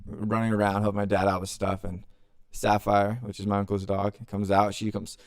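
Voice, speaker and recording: Young man, podcast host, casual profane storytelling, low smooth voice, dry close sound. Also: completely flat delivery, moderate pace, no echo. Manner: loose and profane, acting out quotes.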